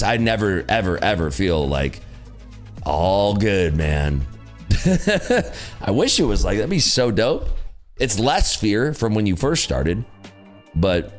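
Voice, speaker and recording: A man with a low voice hosts a day-trading livestream, swearing and laughing as he talks straight to his viewers. His pitch swings widely as he leans into stories, and faint music plays behind him. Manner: blunt, profane, laughing, animated. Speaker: livestream host, day trader. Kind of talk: casual livestream chat.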